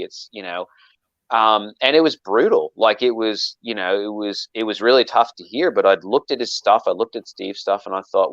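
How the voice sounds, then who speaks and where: A man's voice: fairly low pitch, moderate pace, dry recording, dull audio. A man telling a long story in casual chat, rambling with frequent restarts and acting out quoted lines. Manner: rambling with many restarts, animated quoting. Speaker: knifemaker guest.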